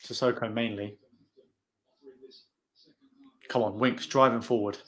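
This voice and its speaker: A channel host with a medium-pitched voice talks a little fast while running a live football watch-along. Excitable, he chats and calls out the play as it unfolds.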